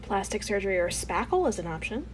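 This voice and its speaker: A woman's voice: mid-range voice, sing-song, fast talker, loud music behind the voice. A woman acting out a comedy skit, switching between an overly polite clerk and a curt customer.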